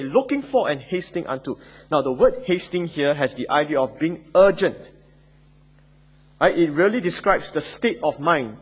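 A man's voice: mid-range voice, husky. A man preaching an expository sermon, stressing and repeating key phrases and often checking in with "Okay?".

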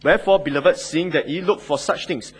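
Man, preacher, sermon, slightly high voice, husky, emphatic, repeats key phrases. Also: brisk. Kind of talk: expository sermon.

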